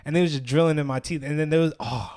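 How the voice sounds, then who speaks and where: A man's voice: a little high, quick pace, darkish tone. Young man telling stories in loose slang. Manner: loose slang-heavy storytelling, laughs often. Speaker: podcast host. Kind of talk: casual chat.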